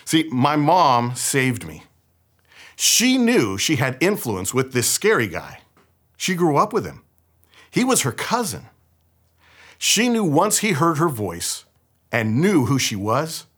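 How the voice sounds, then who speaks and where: A young man from the San Francisco Bay Area preaches in a relaxed, conversational way, weaving a personal story into his sermon. His husky voice swings up and down with lively pitch, and he tells the story with plenty of animation. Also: takes it slowly, long pauses. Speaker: pastor.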